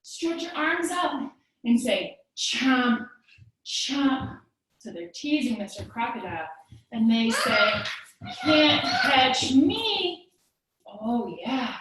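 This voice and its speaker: A woman's voice: a little high, animated, slow pace, fairly bright tone, slight background noise. A woman leading a playful yoga class for small children, telling a rhyme story in a sing-song way. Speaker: kids yoga teacher. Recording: echoey room, mic far off.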